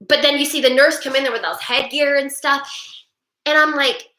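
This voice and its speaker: A middle-aged woman hosting a webinar, talking in an animated, rambling, emphatic way. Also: high voice, a little fast. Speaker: webinar host. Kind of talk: casual monologue. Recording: echoey room.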